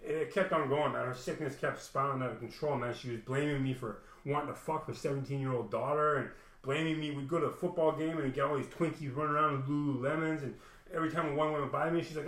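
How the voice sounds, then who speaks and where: A man's voice: a little high, steady tone, quick pace, fairly bright tone. Profane rambling man, echoey room. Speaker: vlogger telling a personal story. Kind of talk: casual monologue.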